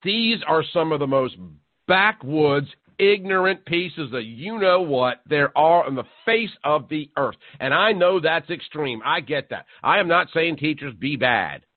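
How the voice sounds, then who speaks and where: A male talk radio host working through a mocking, sarcastic monologue and rising to loud disbelief. His voice is squeezed thin like a phone line. The sound is dry, with no room around it. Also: fairly high pitch, lively intonation, unhurried, no room sound. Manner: sarcastic, mocking, building to incredulous outbursts.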